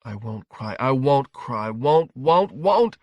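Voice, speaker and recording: A man's voice: medium pitch, moderate pace, no room sound, muffled recording, pitched above the performer's own voice. A man reading aloud, voicing a frightened little boy who trembles and pleads. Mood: near tears. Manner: trembling, struggling to stay calm.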